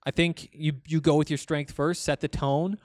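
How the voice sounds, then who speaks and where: A man's voice: on the high side, little pitch movement, normal speed, no echo, clean studio sound. A young man hosting a casual solo podcast, talking in a rambling, conversational way with many fillers and restarts as he answers listener comments. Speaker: podcast host.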